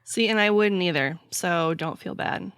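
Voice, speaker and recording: A woman's voice: lowish voice, unhurried, fairly bright tone, clear, resonant tone, dry recording, clean studio sound. A woman hosting a podcast, chatting casually and playfully with her guest. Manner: playful, acts out silly voices in jokes. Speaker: podcast host. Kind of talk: casual chat.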